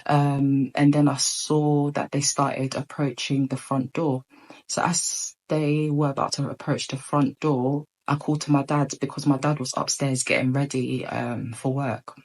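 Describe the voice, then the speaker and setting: A woman's voice: very deep voice, flat delivery, unhurried, darkish tone, poor audio. A woman telling a personal story in a casual storytime monologue, rambling with many ums and restarts.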